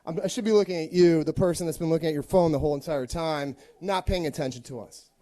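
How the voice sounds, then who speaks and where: A man's voice: on the high side, quick pace, warm tone, no room sound. A male teacher giving a fiery, confrontational public comment with wry humor.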